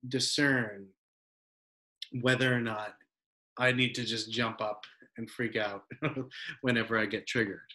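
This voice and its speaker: A man's voice: mid-range voice, steady tone, a little slow, long pauses, sharp tone. A man, a Buddhist teacher, talking reflectively in a casual interview, with loose phrasing and frequent tag questions. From United States. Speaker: Buddhist teacher, podcast guest.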